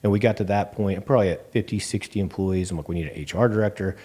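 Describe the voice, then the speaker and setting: Speaking fast in a low, mellow voice, a Texas Panhandle man who runs a bank tells stories as a guest in a relaxed interview. He's lively, voices every conversation himself, and sprinkles in plenty of ums and you-knows.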